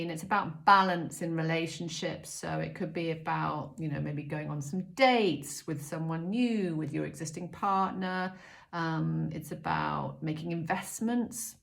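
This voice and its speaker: In a low, gravelly voice and at a slightly slow pace, a middle-aged woman chats through an oracle card reading. Her relaxed spiritual guidance is gentle, peppered with ums and light jokes at her own expense.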